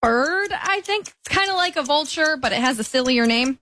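A woman's voice: sits high, expressive, sharp tone, a little hiss or hum. A woman contestant giving clues in a timed word game, hesitant with many ums. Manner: hesitant, lots of ums, quick when explaining. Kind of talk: describing clue words in a timed game.

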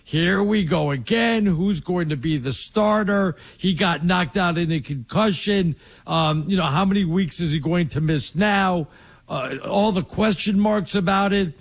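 A man's voice: sits high, measured pace, slightly rough. A man co-hosting a sports talk show, rambling and emphatic in casual chat. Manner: rambling, restarts often, emphatic opinions. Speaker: podcast co-host.

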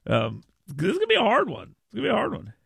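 A man's voice: high-pitched, huge pitch swings, fast, gravelly, fairly bright tone, husky, no room sound. A man hosting a talk radio show, chatting playfully and making mock proclamations, with frequent restarts, on a studio mic. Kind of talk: casual talk radio banter. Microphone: studio microphone.

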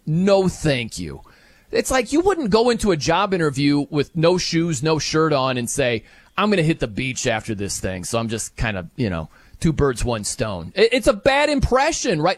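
Animated high-pitched male sports host. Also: no room sound. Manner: excited, sarcastic, quick asides.

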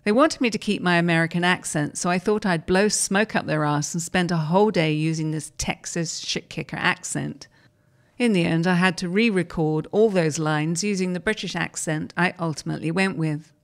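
A woman reading newspaper articles aloud at a measured, even pace. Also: lowish voice. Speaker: reader of articles.

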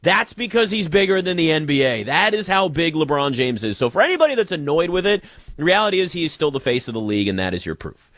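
A man hosts a casual sports talk show, pushing his opinions with emphasis. His pitch swings widely as he talks. The sound is dry and close, with no room around it. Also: big pitch swings, fast talker, a bit bright, dry recording.

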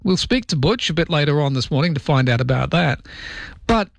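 Australian male radio host, a bit high, dry close studio mic, wry and jokey with listener texts. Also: animated, brisk, creaky, no room sound. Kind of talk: late-night talkback radio chat. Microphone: studio microphone.

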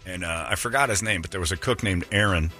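Deep-voiced man telling rambling stories. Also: quick pace, sharp tone, soft background music. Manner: rambling anecdotal storyteller with restarts. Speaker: radio show host. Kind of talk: casual storytelling on morning radio.

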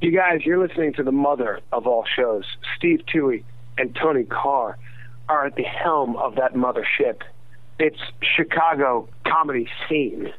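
A man's voice: medium pitch, normal speed. A man announcing a comedy show in a hyped promo delivery. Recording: tinny phone-like audio.

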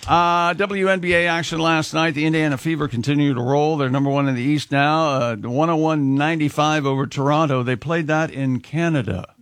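A man's voice: a little high, fairly bright tone, no echo. Upbeat man reading sports scores. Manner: reads sports scores briskly, joking asides. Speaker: radio show host reading the news. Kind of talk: casual morning show banter.

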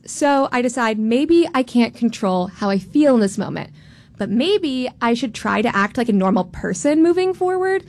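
A young woman from Florida tells her own story to a live audience, frank and self-mocking, her voice animated and sitting a little high. She talks like she is confiding in a friend. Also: normal speed. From Tampa, Florida. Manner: candid, self-deprecating, animated. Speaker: storyteller, law student.

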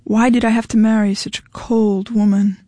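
A woman's voice: mid-range voice, level tone, normal speed, mellow, dry recording, studio quality, lightly acted. A woman reading the lines of a desperate, insistent husband whose voice cracks, in an audiobook. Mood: anguished. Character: desperate pleading married man.

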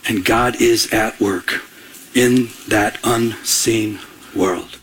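A man preaching a sermon as a pastor, telling a personal story with animated energy and laughing at himself. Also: lowish voice, drawn-out words, a little hiss or hum.

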